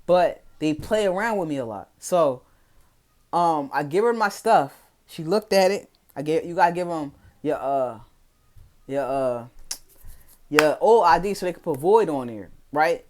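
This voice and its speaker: A man's voice: fairly high pitch, lively intonation, a little slow. A young man with a Philadelphia accent telling a casual, profane, slang-heavy story to his followers. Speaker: vlogger.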